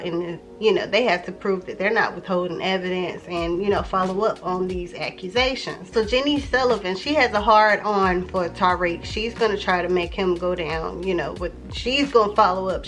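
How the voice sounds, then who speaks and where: A woman recapping a TV episode in a loose, chatty way, with many fillers and excited exclamations. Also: fairly low pitch. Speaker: TV recap vlogger.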